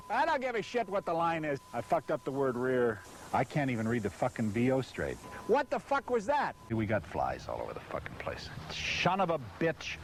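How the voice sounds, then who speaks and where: Cursing, exasperated man on noisy old tape. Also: on the high side. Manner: exasperated, swearing constantly, forgetting lines. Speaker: spokesman filming a promotional video. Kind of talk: profane outtakes from a video shoot. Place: outdoors by a vehicle under hot lights.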